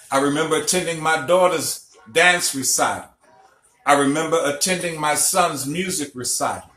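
Man, middle-aged, fairly high voice, bright tone, emphatic lecturing, echoey recording. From Illinois, USA. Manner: emphatic storyteller, checks in with listeners. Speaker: spiritual teacher. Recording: echoey room, faint music behind.

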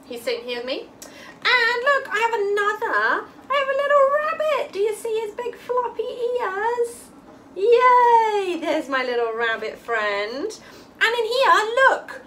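A woman's voice: very high voice, bright, forceful tone, a little hiss or hum. A woman leading a toddler class, greeting the children and singing in a bubbly, playful, sing-song way.

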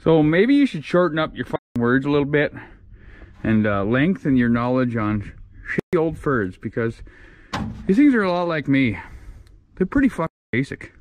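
A man's voice: fairly high pitch, sing-song, normal speed, long reverb tail, background noise. A man hosting a casual unboxing vlog, talking in crude, rowdy, heavily profane banter. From Canada. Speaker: channel host.

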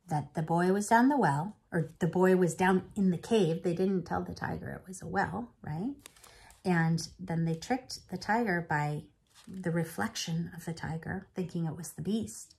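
A woman teacher reading a novel aloud to her students, expressive and animated. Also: lowish voice, vocal fry.

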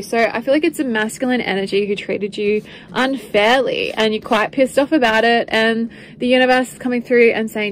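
A woman's voice: a little high, steady tone, moderate pace, hardly any pauses, a little hiss or hum, low-quality recording. A woman giving a spiritual tarot reading, talking in a meandering, repetitive, earnest way with light laughs. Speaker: tarot reader.

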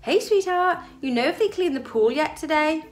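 A woman's voice: high voice, animated, moderate pace, soft background music, voice pushed up. Woman doing a tipsy carefree vacation mom. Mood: breezy. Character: tipsy cheerful middle-aged mom on vacation.

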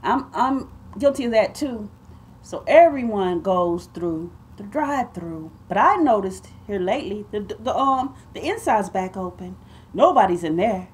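A female vlogger tells her viewers a story directly, speaking at a moderate pace in an ordinary middle pitch. She's animated and emphatic, calling them y'all and babe.

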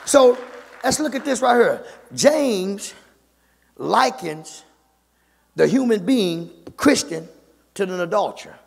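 A man with a very high, gravelly voice preaches a fervent sermon as pastor. His tone is husky and raspy, and he keeps returning to "my God" as he builds toward shouting. The sound carries a long, echoing reverb from a church hall. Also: big pitch swings, takes it slowly, long pauses, a faint crowd. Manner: fervent, repetitive, peppered with "my God", rises to shouting. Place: church sanctuary.

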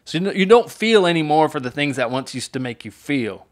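A man's voice: a little high, very animated, brisk. A middle-aged man, a pastor, casually reacting to a song, reading its lyrics aloud and explaining them with fillers and restarts.

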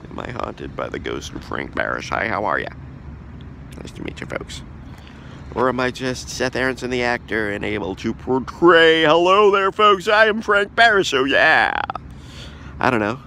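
A man's voice: mid-range voice, very animated, moderate pace, creaky, noisy background. A man giving a comedic product review monologue in a goofy, rambling way, jumping between silly voices.

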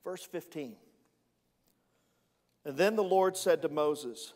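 A man's voice: a little high, slow pace, pauses often, darkish tone, big-room sound. A male executive pastor preaching a sermon in a playful, conversational way, with asides to the congregation.

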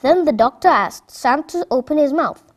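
A woman narrating a children's story in a clear, expressive read-aloud voice. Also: high voice, moderate pace.

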